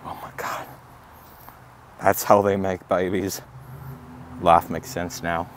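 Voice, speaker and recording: A young man vlogging outdoors in a comic redneck persona, with hushed sneaking mutters and sudden excited exclamations. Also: low voice, slow. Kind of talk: handheld comedy vlog commentary. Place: outdoors in a city. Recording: noisy outdoor street recording.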